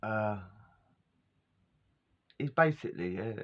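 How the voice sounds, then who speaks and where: A man's voice: on the low side, animated, slow pace. Rambling man with lo-fi sound. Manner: rambling, slangy, chuckles often. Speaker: vlogger telling a life story. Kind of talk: casual storytelling monologue. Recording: dull lo-fi sound.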